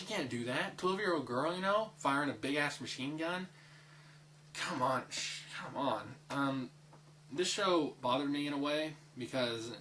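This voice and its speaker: Young man, bright voice, casual review, rambling, filler words, faint hum behind. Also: mid-range voice, poor audio. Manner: rambling, frequent fillers and restarts, swears. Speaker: anime reviewer.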